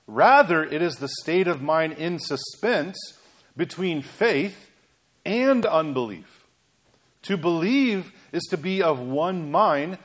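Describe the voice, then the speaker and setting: A man preaching a sermon in an animated, emphatic way, asking rhetorical questions of his congregation. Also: a little high. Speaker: pastor.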